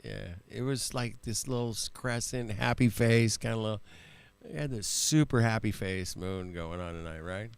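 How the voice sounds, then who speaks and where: A laid-back man hosting a livestream talks in a low, gravelly yet smooth voice. He laughs often, swears casually and peppers his talk with man and bro. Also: normal speed, dry recording. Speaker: livestream host. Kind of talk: casual chat.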